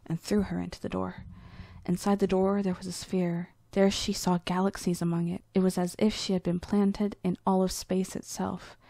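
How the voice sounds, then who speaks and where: A woman storyteller reading her own story aloud in an earnest, soft-spoken way. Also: fairly low pitch, gravelly, no room sound. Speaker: storyteller, narrator.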